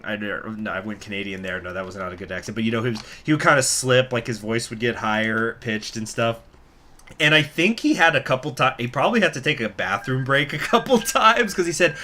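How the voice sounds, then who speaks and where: Chatty man with a bright voice. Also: mid-range voice, animated, brisk. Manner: rambling, chatty storytelling, reading chat. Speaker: gaming channel host. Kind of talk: casual commentary over strategy gameplay.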